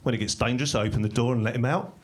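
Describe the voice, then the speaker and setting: A man doing stand-up comedy in a small club, delivering dry, deadpan one-liners that break into sudden shouted bursts. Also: mid-range voice, very fast. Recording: live club recording with audience laughter. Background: crowd laughing.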